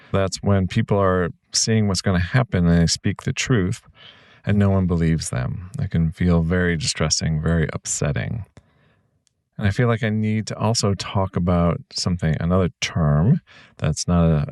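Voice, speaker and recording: A man with a deep, gravelly voice hosts a reflective podcast, talking earnestly and reassuringly straight to his listener. The recording is close and completely dry, with no room sound. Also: a little mellow, no echo. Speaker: podcast host.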